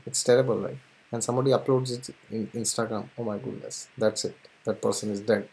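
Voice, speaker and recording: A man's voice: lowish voice, brisk, gravelly. Man giving a spiritual talk. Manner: animated, repeats "yes" often, laughs between points. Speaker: spiritual and astrology channel host. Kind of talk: casual spiritual talk to camera.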